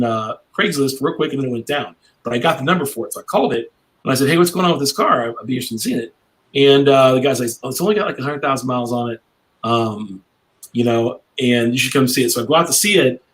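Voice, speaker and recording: A man's voice: medium pitch, a bit bright, rough recording. A brash middle-aged man, a cigar maker guesting on a podcast, telling a long rambling story in casual chat.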